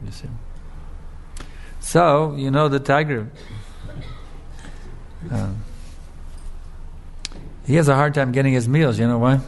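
A man giving a sermon, telling a fable in a relaxed, conversational way with frequent filler tags. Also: mid-range voice, takes it slowly, creaky, long pauses, a little hiss or hum. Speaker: preacher. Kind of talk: sermon with storytelling.

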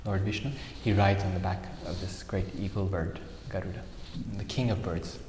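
Low-voiced man telling a fable in a sermon. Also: normal speed, slight background noise. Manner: animated, sprinkles in Sanskrit terms. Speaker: spiritual speaker. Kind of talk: sermon with storytelling. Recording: echoey hall with long reverb.

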